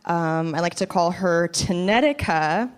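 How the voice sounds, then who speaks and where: A woman performing a stand-up comedy routine, delivering deadpan jokes. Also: fairly low pitch, unhurried, smooth.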